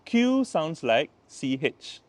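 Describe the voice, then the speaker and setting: A man's voice: fairly high pitch, sing-song, takes it slowly, dry recording. A man with a Malaysian English accent, tutoring in a casual home vlog, repeating each word and explaining step by step. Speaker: language tutor.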